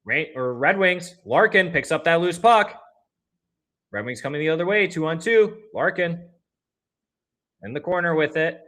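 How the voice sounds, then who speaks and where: Excitable fan calling hockey play-by-play. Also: male voice, a little high, normal speed, long pauses. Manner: partisan, swings from flat calls to loud outbursts. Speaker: livestream host.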